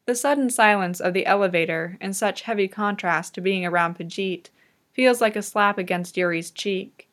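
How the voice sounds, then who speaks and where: A woman reads a fan audiobook in a calm, measured narration. Her voice sits at a middle pitch for a woman. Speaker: reader.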